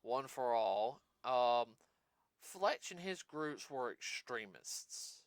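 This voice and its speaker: A man's voice: medium pitch, lively intonation, slow pace, dry recording. A man hosting a casual podcast, rambling through his points with plenty of fillers and restarts. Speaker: podcast host.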